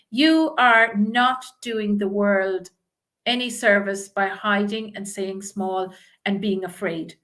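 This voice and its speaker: A woman's voice: mid-range voice, fairly bright tone. Encouraging Irish woman coaching live. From Ireland. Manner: encouraging, reads out viewer comments. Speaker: image coach. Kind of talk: live video coaching to viewers.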